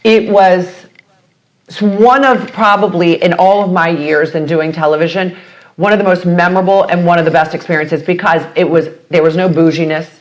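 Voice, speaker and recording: A woman chatting as a podcast guest. She tells stories with energy and jumps into high, bright voices when she quotes other people. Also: normal speed. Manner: animated storyteller, acts out quotes with big pitch jumps. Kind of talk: casual chat.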